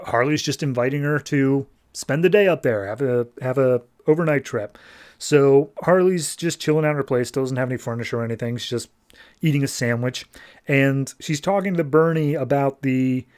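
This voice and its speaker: A man's voice: moderate pace, darkish tone. A man hosting a podcast, recapping a comic issue in a loose, rambling way with plenty of fillers. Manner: briefly shifts pitch for quoted characters. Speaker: podcast host. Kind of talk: casual comic book recap.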